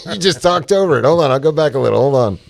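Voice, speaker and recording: A man's voice: a little high, creaky. A man hosting a podcast in casual chat, opinionated and ranting. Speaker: podcast host.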